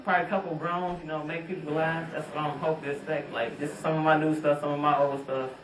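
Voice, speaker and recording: A man's voice: on the high side, level tone, fast. A man and stand-up comedian talking easygoingly and reflectively in an interview about performing. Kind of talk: backstage interview. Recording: roomy sound, distant mic, crowd noise.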